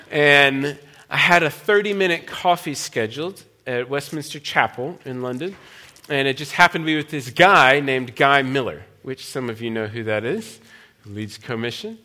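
A man in his thirties, a pastor and missionary, telling a personal testimony to a church with a relaxed, chatty delivery full of fillers and restarts. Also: medium pitch. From United States. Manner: conversational storytelling, frequent fillers and restarts.

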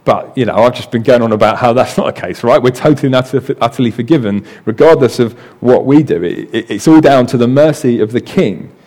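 A man's voice: medium pitch, brisk, few pauses, a little mellow. A man preaching a sermon in a conversational way, often adding "right" and repeating words as he explains.

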